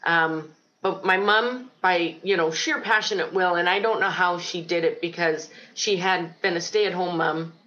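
A middle-aged woman from Ohio recounts her childhood in an interview, earnest and reflective, with frequent pauses and ums. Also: on the low side, pushed and bright, lo-fi sound. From Ohio, United States. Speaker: guest telling her life story. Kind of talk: personal testimony in an interview.

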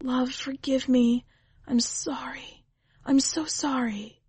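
A woman's voice: sits high, sing-song, measured pace, dry recording, pitched above the performer's own voice, heavily acted. A woman voicing an earnest, anxious young woman on a quest for her beastly husband, in a storybook reading. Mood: pleading. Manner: anxious, pleading.

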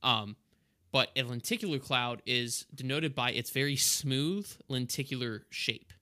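A man, an airline pilot co-hosting a podcast, explaining jargon in relaxed chat and laughing easily. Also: mid-range voice, a little slow.

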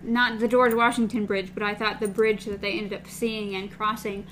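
A woman's voice: medium pitch, level tone, normal speed, a bit bright, a little hiss or hum, low-quality recording. A woman co-hosting a casual book discussion, recapping and reading passages aloud.

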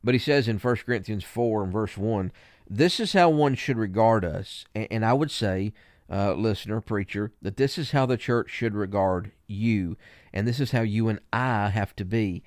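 A man with a fairly low voice speaks as a preacher teaching other preachers. He stumbles and repeats words with frequent fillers, then lifts his voice to read scripture with emphasis. The sound is dry and close, with no room echo. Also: moderate pace, a little mellow. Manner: reads scripture with rising emphasis.

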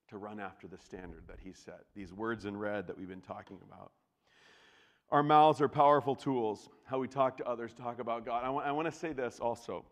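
A man preaching a sermon as pastor, talking casually with the congregation and swinging from loud bursts to hushed, near-whispered lines. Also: lowish voice. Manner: conversational, with restarts and asides to the congregation. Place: church sanctuary. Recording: long reverb of a large church hall.

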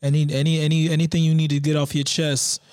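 A man's voice: on the high side, level tone, fast, darkish tone. Teasing man on a podcast, often laughing. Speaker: podcast host. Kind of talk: casual podcast chat.

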